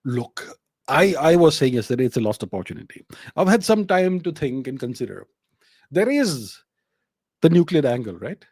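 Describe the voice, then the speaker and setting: Emphatic Indian man, lively pitch. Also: moderate pace, slightly rough, no echo, studio quality. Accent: Indian English. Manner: emphatic, fires rhetorical questions at the listener. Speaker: host answering viewer questions. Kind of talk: solo commentary talk.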